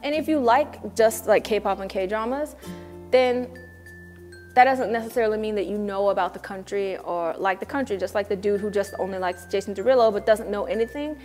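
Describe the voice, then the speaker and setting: A woman's voice: medium pitch, moderate pace, a little mellow, soft background music. Young woman, American accent, casual vlog, chatty, slangy, mock-quoting others. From United States. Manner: chatty and slangy, acts out quoted people mockingly. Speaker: vlogger living in Korea. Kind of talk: casual vlog talk to camera.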